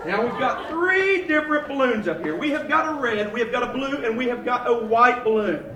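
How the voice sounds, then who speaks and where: A man's voice: extremely high pitch, lively intonation, a little fast. A man performing as a children's entertainer at a live library show, playfully clowning and bantering with the kids. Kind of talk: live kids' show patter. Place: large indoor room at a library event. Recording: echoey hall, distant mic, loud crowd noise. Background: noisy crowd of children.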